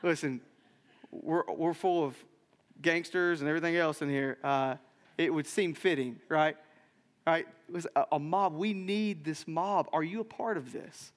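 A man with a high voice preaches to a church congregation in an animated storytelling manner, tossing in "right?" again and again. His voice rings out with the long reverb of a large hall. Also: unhurried. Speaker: pastor. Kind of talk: sermon. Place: church sanctuary.

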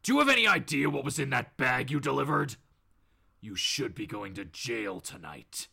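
A man putting on a low, slow, threatening voice for a grim male vigilante. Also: very animated, vocal fry, sharp tone, slightly rough, full character voice. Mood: menacing.

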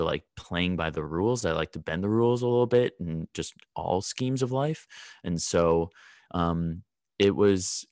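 A man's voice: low-pitched, no room sound, clean studio sound. A man talking candidly in a casual podcast chat, rambling with fillers. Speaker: podcast guest.

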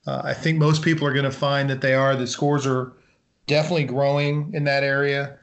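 A man's voice: medium pitch, level tone, a little fast. A man co-hosting a podcast in easygoing casual chat, often laughing. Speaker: podcast co-host.

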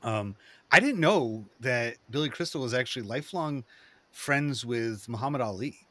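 A man talking in a rambling, excitable way, with lots of fillers and restarts, in a casual chat. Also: mid-range voice, normal speed.

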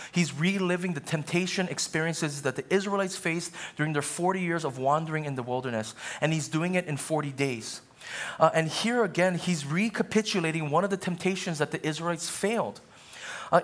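A man in his thirties preaching a sermon in a church, shifting between soaring, emphatic passages and quiet, conversational asides. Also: on the high side. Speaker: pastor. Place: church sanctuary.

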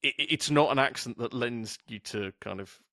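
A man's voice: medium pitch, normal speed, sharp tone, a little hiss or hum. A man from the UK hosting a casual podcast chat, rambling through asides and swearing freely. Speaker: podcast host.

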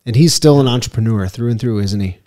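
A man's voice: medium pitch, fast talker, warm tone. A man co-hosting a podcast, upbeat and prompting his guests with questions. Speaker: podcast co-host. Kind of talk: casual interview.

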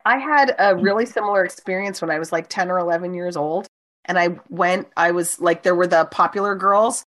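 A woman from New Jersey telling a personal story as a guest in a casual chat, acting out other people's lines. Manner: animated, acts out quoted voices with big pitch jumps.

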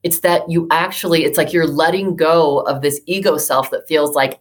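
A woman's voice: low-pitched, fairly even intonation, normal speed. A woman in her fifties, a psychotherapist and life coach, telling a personal story in an interview, earnest and emotional, with many fillers and restarts. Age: 50s.

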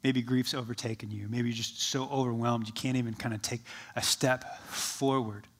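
A man preaching a sermon as pastor, rising with energy, then dropping to a soft, slow hush for quoted words. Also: mid-range voice. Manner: shifts from lively to soft and slow when quoting Jesus.

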